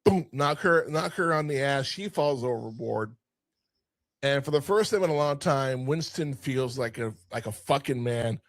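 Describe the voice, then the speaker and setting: A man co-hosting a casual film review podcast, retelling scenes in an animated way with lots of swearing. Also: medium pitch, normal speed, no room sound. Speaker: podcast co-host.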